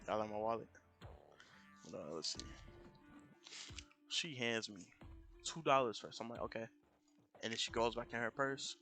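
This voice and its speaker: A young American man tells a story on a stream at his desk mic, rambling and animated, looping back over the same points. His voice sits mid-range, with music playing clearly behind him. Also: mid-range voice, moderate pace, long pauses. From United States. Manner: rambling, repeats himself, animated. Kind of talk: casual storytelling.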